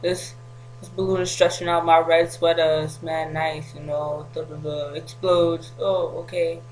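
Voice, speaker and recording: A woman putting on a too-cool young guy who can't be bothered. He murmurs low and slow, sounding detached and unimpressed. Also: little pitch movement, darkish tone, faint music behind, poor audio. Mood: smug. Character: aloof young man, playing it cool.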